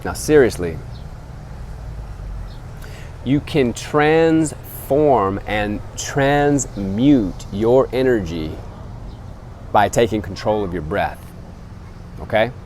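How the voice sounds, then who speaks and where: Earnest vlogger man addressing "gentlemen". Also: fairly low pitch, lively intonation, very slow, long pauses, slight background noise. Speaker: travel vlogger. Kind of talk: casual motivational talk to camera. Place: outdoors beside a temple on a small island.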